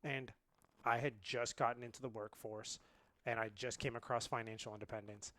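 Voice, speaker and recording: Man from India, late 20s, podcast guest, animated storyteller, laughs a lot, dry close sound. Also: medium pitch, normal speed, no room sound. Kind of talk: casual storytelling.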